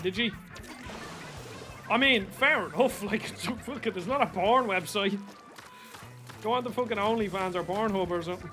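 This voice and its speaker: A young Irish man streaming a game, chatting casually, swearing freely and bursting out at the action. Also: sits high. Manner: chatty, swears freely, excited outbursts during play. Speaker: gaming streamer. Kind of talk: casual gameplay chat.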